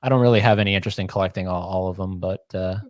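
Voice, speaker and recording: A man's voice: low-pitched, fairly even intonation, rapid-fire. A man in his thirties co-hosting a casual livestream, reading chat comments aloud and teasing with a rambling, joking manner. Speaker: podcast co-host.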